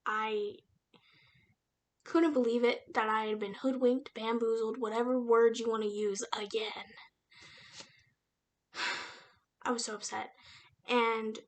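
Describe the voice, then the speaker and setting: Chatty young woman reviewing a book. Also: on the high side. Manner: chatty, animated retelling with slang and fillers. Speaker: book reviewer and aspiring writer. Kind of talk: casual book review vlog.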